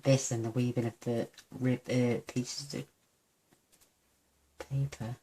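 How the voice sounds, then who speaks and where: A woman's voice: a bass voice, level tone, slow pace, warm tone, slight background noise. A woman hosting a casual craft tutorial at her desk. She chats as she works, gushes over how cute each step looks and pokes fun at herself. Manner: chatty, gushing over cute results, self-deprecating. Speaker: papercraft tutorial host.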